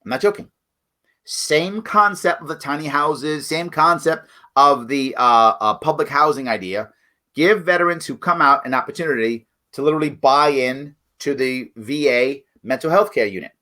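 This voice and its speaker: A middle-aged man with a bright, forceful voice pitched a little high. He hosts a political commentary livestream and speaks bluntly and emphatically, addressing viewers directly. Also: moderate pace. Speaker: political show host.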